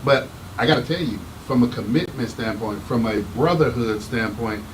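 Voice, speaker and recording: A man's voice: medium pitch, moderate pace, slight background noise, rough recording. Emphatic talk-show host man. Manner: animated, emphatic, teasing. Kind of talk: casual chat.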